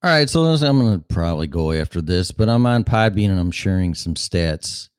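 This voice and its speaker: Lively low-voiced rambling male podcast host. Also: brisk, clear, resonant tone, dry recording. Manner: profane, scattered, self-mocking. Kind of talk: casual rambling solo show.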